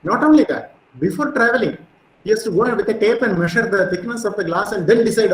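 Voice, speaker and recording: A middle-aged man giving a physics lecture, animated and storytelling, with frequent fillers. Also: sits high, fast, reverberant, a little hiss or hum, rough recording.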